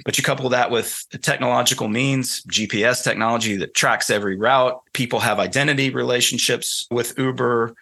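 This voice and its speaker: A man with a North Carolina Southern accent speaks as an interview guest. His voice is bright and forward, at a medium pitch. He explains ideas thoughtfully and slips into folksy storytelling. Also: fairly even intonation, fairly quick, gravelly, hardly any pauses. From North Carolina, USA. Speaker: guest author. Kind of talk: conversational interview.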